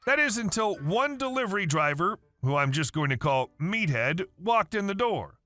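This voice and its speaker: A man reading a first-person story aloud in a lively, playful storytelling manner. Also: high voice, moderate pace, no echo. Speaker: story narrator. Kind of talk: scripted story narration. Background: faint background music.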